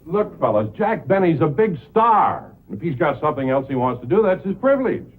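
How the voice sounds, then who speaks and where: A man's voice: fairly high pitch, sing-song, brisk, husky, phone-quality sound. A man in a 1950s radio comedy, speaking in a genial, reasonable way. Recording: noisy old radio recording.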